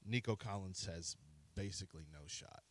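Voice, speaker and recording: A man co-hosting a sports radio show, breaking down team news in a conversational, measured way. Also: sits low, no room sound, studio quality.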